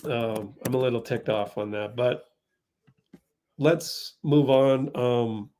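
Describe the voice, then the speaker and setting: A man hosting a fan livestream, giving excitable live play-by-play and getting outraged at the referees. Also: medium pitch, takes it slowly.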